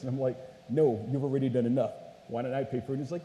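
Here a man races through a chatty, storytelling sermon in a mellow, medium-pitched voice, playfully calling the audience "you guys" again and again. Faint noise and hall echo sit under the recording.

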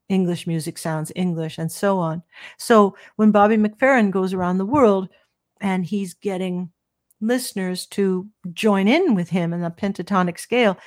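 An older woman speaks as an interview guest and lays out her ideas in a measured, teacherly way. Her voice sits at a middling pitch. The sound is close and dry, with no room echo. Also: a little mellow. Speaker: guest, professor of psychoacoustics. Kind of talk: explanatory interview talk.

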